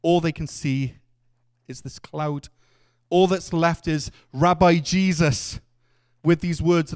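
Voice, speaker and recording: A man's voice: a little high, steady tone, slow pace, pauses often, smooth. A man preaching a sermon, telling the story earnestly and acting out the quotes. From Wales.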